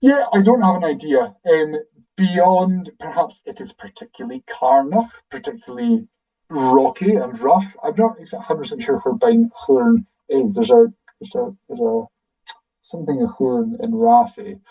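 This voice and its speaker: A man's voice: high voice, animated, normal speed, gravelly, recorded from a distance, dull audio. A man with a Scottish accent, a guide explaining things casually in a webinar and thinking aloud as he answers audience questions over a video call.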